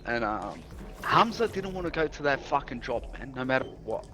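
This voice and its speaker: A man who streams and works as a house painter rambles through a story from work in casual chat, swearing a lot and acting out quoted dialogue. His voice is medium-pitched and sing-song at a normal speed.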